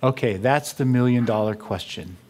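Man speaker, lively storyteller, acts out dialogue, humor-driven talk to a crowd. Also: medium pitch, moderate pace. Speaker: speaker on theology.

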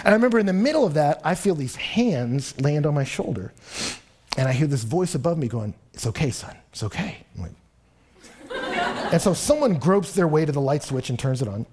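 Husky-voiced man preaching a sermon. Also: fairly high pitch, a little fast. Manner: animated storytelling, rising and louder in anecdotes.

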